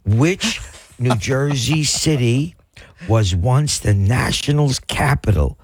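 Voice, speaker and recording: A man's voice: medium pitch, lively intonation, takes it slowly, breathy edge, no echo, studio quality. A man on a radio show reading a history quiz question and repeating himself along the way. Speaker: radio cohost.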